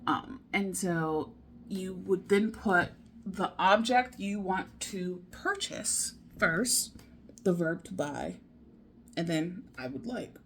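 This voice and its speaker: Slow, chatty woman thinking aloud. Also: on the low side, slight background noise. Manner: thinks aloud, repeats foreign phrases and muses to herself; chatty, easily sidetracked, with little laughs. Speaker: language-learning vlogger. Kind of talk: casual study vlog.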